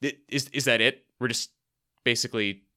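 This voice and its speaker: A man's voice: mid-range voice, steady tone, normal speed, pushed and bright. A man co-hosting a casual movie podcast, joking and rambling with many restarts. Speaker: podcast co-host. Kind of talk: casual movie-review chat.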